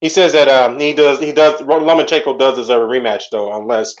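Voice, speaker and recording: A man who is a guest on a boxing podcast and talks bluntly and dismissively, with some swearing. His voice sits in a middle pitch. The recording sounds slightly dull and muffled. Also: steady tone, a little fast. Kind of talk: boxing opinion talk.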